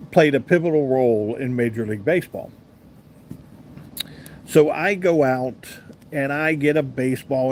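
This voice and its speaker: A man's voice: medium pitch, a little mellow, a little hiss or hum. A man in his fifties, a radio talk show host, telling a rambling personal story and answering viewers' comments in a casual chat. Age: 50s. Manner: chatty, rambling anecdotal delivery with asides to viewers.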